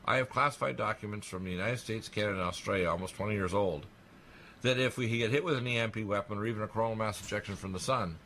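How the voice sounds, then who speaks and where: A man with a fairly low voice speaks on a radio talk show. He makes his points emphatically and in rapid succession. A faint hiss runs under his voice. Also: fairly bright tone. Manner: emphatic, rapid-fire alarming claims.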